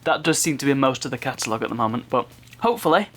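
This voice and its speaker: A man's voice: mid-range voice, expressive, rapid-fire, faint music behind. A man casually chatting through an unboxing, rambling off on asides and chuckling at his own remarks. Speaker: unboxing video host.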